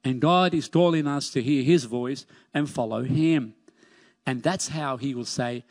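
A man's voice: mid-range voice, a little slow. A man preaching a sermon as pastor, emphatic, repeating key phrases and lifting his voice on scripture. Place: church sanctuary. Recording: long church reverb.

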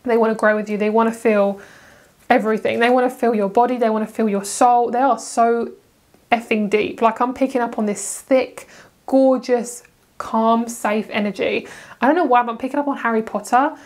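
A young woman with a British accent reads tarot cards in a loose, chatty way. She gushes and breaks into laughter easily, and her voice sits a little high. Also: moderate pace. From Britain. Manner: gushing, excitable, bursts into laughter. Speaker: tarot reader. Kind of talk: casual tarot card reading.

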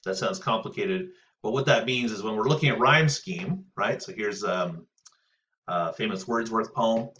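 A man teaching a recorded poetry lesson in a casual, thinking-aloud way, often pausing with fillers and checking in with "right?". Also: on the low side, animated, pushed and bright. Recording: distant, muffled lo-fi audio.

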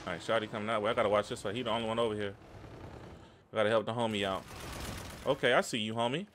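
A young man giving live, slangy, excitable commentary over his own shooter gameplay. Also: fairly low pitch, racing, slight background noise. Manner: excitable, slangy, trash-talking. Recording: game gunfire behind the voice.

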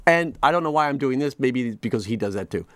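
Animated man rambling through a comic monologue. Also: mid-range voice, fast talker, no room sound. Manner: rambling, animated, with frequent restarts and mock voices. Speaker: comedy show host.

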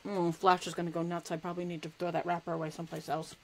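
A woman's voice: on the low side, little pitch movement, quick pace, few pauses, a little hiss or hum, rough recording. A woman hosting a live crafting demonstration, chatty and self-deprecating, laughing often and talking while she works with her hands. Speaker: crafting show host.

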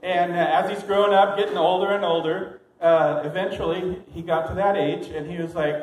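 Young male comic, rambling and self-amused, higher voice, echoey noisy club. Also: steady tone, moderate pace, hardly any pauses. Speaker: stand-up comic. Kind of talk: open mic stand-up storytelling. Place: small comedy venue. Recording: echoey room with clear noise.

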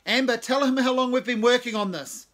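A man's voice: very high voice, brisk, voice pushed up. A man voicing a domineering male rock star bandleader who barks impatient commands. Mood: barking. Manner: barking, impatient, shouting commands.

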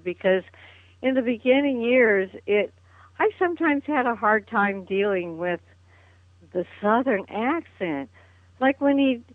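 A woman's voice: mid-range voice, no room sound. An older woman chats as an interview guest, reminiscing in a loose, storytelling way and breaking into laughs often. Her voice arrives over a tinny phone line. The sound is dry, with no room around it. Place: at home on a phone call.

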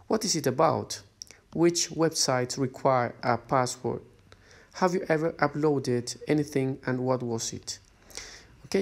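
A man's voice: mid-range voice, creaky. A man who teaches English, reading out a lesson's exercise instructions step by step. He speaks patiently and often checks in with a rising "okay?". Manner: plain, patient, reads exercise instructions aloud.

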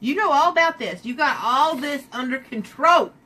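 A woman's voice: high-pitched, animated, moderate pace, pushed and bright. A woman hosting a casual live makeup stream, exasperated and laughing along.

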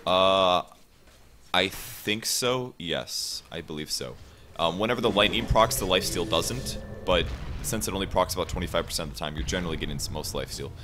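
A man casting a live esports match, explaining builds and calling fights with rising excitement. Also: sits low, over music. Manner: explanatory, lifts into fast excited calls during fights. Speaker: esports play-by-play caster. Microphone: home setup over an internet voice call.

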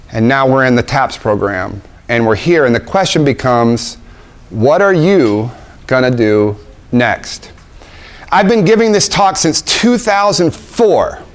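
Man doctor giving a pep talk to a room of young parents, kinda high voice, lots of repeating and questions. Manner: emphatic, rhetorical questions and repetition. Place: conference room with audience.

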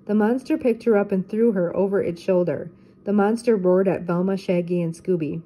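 An older woman, a teacher, reading a children's storybook aloud in a steady, clear way. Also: medium pitch, moderate pace.

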